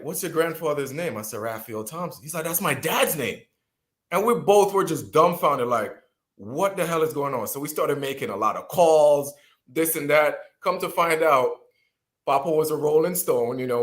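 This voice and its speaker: Man, thirties, from Jamaica, animated storyteller, mid-pitched voice, restarts often. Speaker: guest speaker. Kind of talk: personal storytelling.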